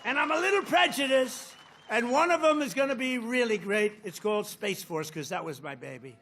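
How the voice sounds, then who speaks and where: An older man giving a rambling, boastful rally speech, swinging from loud outbursts to muttered asides. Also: extremely high pitch, expressive, moderate pace, a faint crowd, slight background noise. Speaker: politician addressing a rally.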